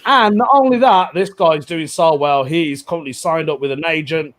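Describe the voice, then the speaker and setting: A man's voice: on the high side, steady tone, moderate pace, slight background noise. A man hosts a casual online comedy show. He is chatty and jokey and laughs often between lines. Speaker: host.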